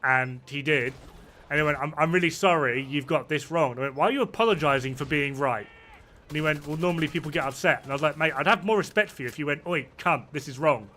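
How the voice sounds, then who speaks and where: Bright-voiced, blunt man in his thirties. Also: fairly high pitch, quick pace, a little hiss or hum. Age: 30s. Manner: blunt, sweary and rambling. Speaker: player. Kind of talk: casual gaming chat.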